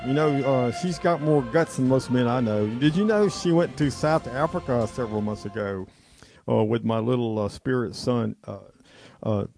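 A male show host giving a rambling, fervent monologue to his listeners, halting and stammering often. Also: medium pitch, gravelly, a little mellow.

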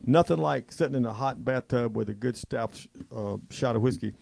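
A male show host giving a rambling, fervent monologue to his listeners, halting and stammering often. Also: mid-range voice, gravelly, darkish tone, slightly rough.

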